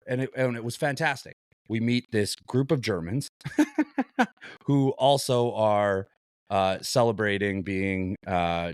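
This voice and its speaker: A man co-hosting a podcast, telling animated anecdotes with swearing and laughter. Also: on the low side, no room sound, studio quality. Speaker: podcast co-host. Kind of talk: casual podcast chat and storytelling.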